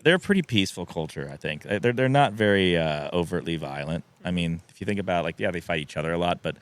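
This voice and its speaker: This podcast guest, a man in his thirties, has a deep voice and talks fast and animatedly. He's in a studio casually spinning a long personal story, laughing a lot and performing the quoted lines.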